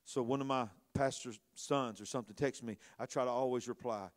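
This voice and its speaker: A man preaching a sermon as a bishop. His delivery swings from hushed to loud, and he repeats phrases for emphasis. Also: medium pitch, brisk, few pauses.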